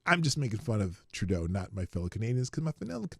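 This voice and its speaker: This livestream host has a lowish voice with big pitch swings, vocal fry, and a slightly rough, bit bright tone, and he talks quickly. With his Minnesota accent, he reads the news with sarcastic comments and laughs at his own jokes, recorded with no room sound.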